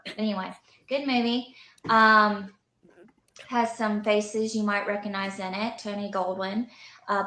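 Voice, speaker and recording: A woman rambles through a casual movie review, tossing off dry asides about the cast. Her voice rings in an echoey room, and her pitch sits in the middle of a woman's range. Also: a bit bright. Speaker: movie reviewer in an old video.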